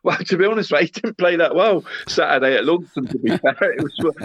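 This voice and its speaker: A man's voice: a little high, lively intonation, fast, fairly bright tone, no echo. A man, co-hosting a casual football podcast and rambling along, calling his friend "mate" in nearly every sentence. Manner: rambling, says "mate" constantly, laughs often. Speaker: podcast co-host. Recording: dull, dry sound.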